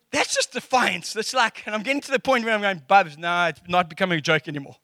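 A man's voice: high-pitched, quick pace, few pauses, sharp tone, no echo, studio quality. A middle-aged man with a South African accent preaching a casual, jokey sermon and acting out quotes. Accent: South African English.

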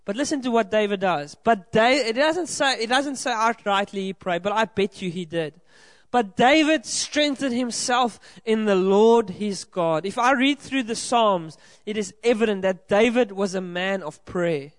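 Preaching at a measured pace, a South African pastor whose voice sits high encourages his congregation in a church hall. He speaks earnestly and directly to the people before him, captured in a dry recording.

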